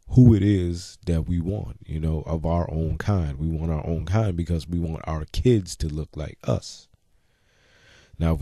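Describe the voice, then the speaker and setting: A man's voice: deep voice, mellow, no room sound. A man with a mild Jamaican accent speaking bluntly in a casual monologue, with frequent "you know" asides. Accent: Jamaican, mild in plain talk. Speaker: vlogger.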